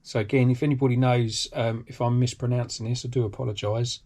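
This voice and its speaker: A man's voice: mid-range voice, little pitch movement, brisk, dark tone. A British man hosting a hobby channel, talking casually through an unboxing with lots of ums and restarts. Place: home workshop.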